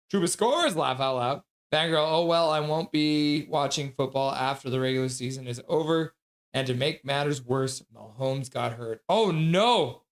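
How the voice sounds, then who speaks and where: A man hosting a casual live stream, reading out viewer chat with frequent laughs and excited outbursts. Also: medium pitch, moderate pace. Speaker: livestream host.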